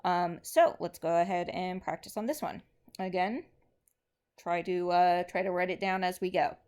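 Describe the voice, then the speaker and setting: A woman teacher explaining poetic meter to her class with patient fillers, reading verse slowly with heavily stressed beats. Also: on the low side, fairly even intonation, darkish tone, clean tone. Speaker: English teacher.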